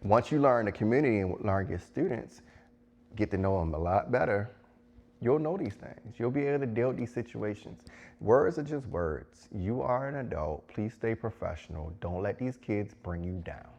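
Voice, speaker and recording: A man's voice: on the low side, animated, moderate pace, a little mellow. A man giving emphatic, preachy advice to teachers, repeating phrases for stress. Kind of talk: direct-to-camera advice talk.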